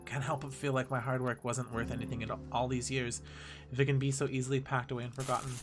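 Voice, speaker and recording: A man's voice: little pitch movement, fast, over music, lightly acted. A man voicing a weary woman detective. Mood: brooding. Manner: quiet, brooding, low-key. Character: weary bitter woman detective, inner monologue.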